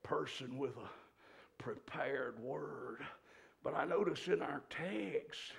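A male preacher, delivering a sermon that swings from shouts to hushed whispers. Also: medium pitch, expressive, takes it slowly, vocal fry, breathy edge.

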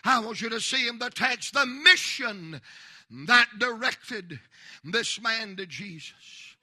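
High, bright-voiced preacher. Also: male voice, lively intonation, slow pace. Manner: impassioned, rising to shouts, humorous asides. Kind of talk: sermon. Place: church.

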